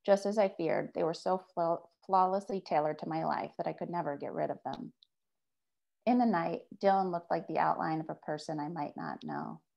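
A woman author reading her own fiction aloud in a measured first-person voice. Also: deep voice, vocal fry, darkish tone, lo-fi sound.

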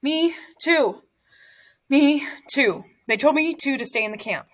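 A woman reading a memoir aloud, voicing an exhausted, breathless older father who speaks in a hurried, urgent way. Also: sits high, animated, a bit bright, voice pushed up.

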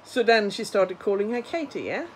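A woman's voice: medium pitch, animated, moderate pace, a little hiss or hum. A woman in casual chat asking questions to keep a funny story going, giggling often. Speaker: listener prompting the story.

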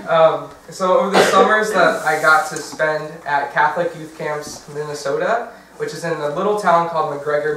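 A man's voice: a little high, noisy background. A young man giving a casual workshop talk, chatty, with fillers and self-corrections. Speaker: diocesan workshop presenter. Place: large church hall. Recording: very echoey, from far off.

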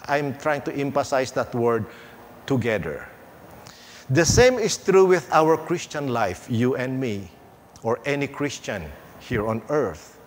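A male pastor preaching a sermon in a church, unhurried, with playful asides and emphatic pauses. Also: mid-range voice, lively intonation, a little hiss or hum. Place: church sanctuary.

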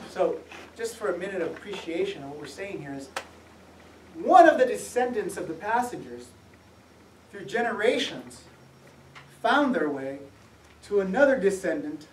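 A high-voiced man tells his story to a live audience with lively laughs, acting out each person he met. He is recorded from across an echoey room. A faint hum sits under the talk. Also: normal speed, long pauses. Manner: animated, laughing storyteller who acts out the people in his story. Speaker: author giving a public talk. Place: museum event space. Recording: echoey room, mic from far off.

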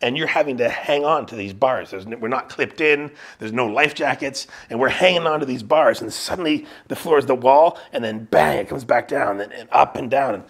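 A male pastor giving a sermon at an ordinary middle pitch. He tells the story loosely and conversationally, often restarting his sentences and adding fillers as he goes. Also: a little fast, few pauses. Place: church service streamed online.

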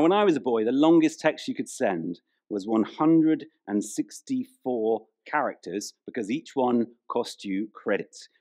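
A pastor in a church preaches a humorous, chatty sermon, telling funny stories and playing with the congregation. His voice is medium-pitched and creaky.

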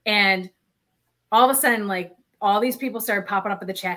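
A woman's voice: medium pitch, fairly even intonation, brisk, sharp tone. A pregnant woman guest in a casual podcast chat, telling stories in an easygoing way. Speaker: guest, bowler.

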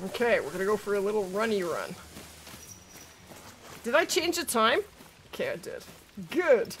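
A woman's voice: medium pitch, big pitch swings, moderate pace, pauses often, a little hiss or hum. A woman hosting a casual gaming livestream, chatting with viewers by name while she has the hiccups. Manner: chatty, greets viewers by name, laughs often.

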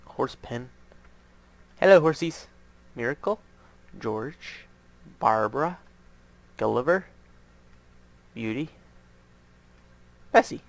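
A man's voice: medium pitch, expressive, slow pace, gravelly, pauses often, no room sound. Chatty man narrating his gameplay. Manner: chatty, joking, reads signs aloud. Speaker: gaming channel host. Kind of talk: casual game commentary.

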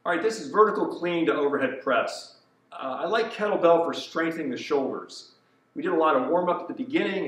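A man working as a fitness trainer, calmly cueing a kettlebell routine step by step. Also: fairly high pitch. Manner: cueing movements step by step, slow and deliberate. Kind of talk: instructional exercise demonstration. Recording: echoey room, voice from far off.

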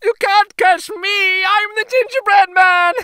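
A man voicing a cheeky, boastful little gingerbread boy in a high, squealing voice for a storybook read-aloud. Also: measured pace, pushed and bright, full character voice. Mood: taunting.

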